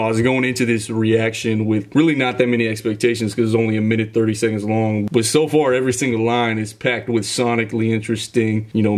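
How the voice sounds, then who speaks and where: A man's voice: lowish voice, a little mellow. A man hosting a music reaction video, talking casually and enthusiastically as he breaks down the rhythm and delivery aloud. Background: music playing behind.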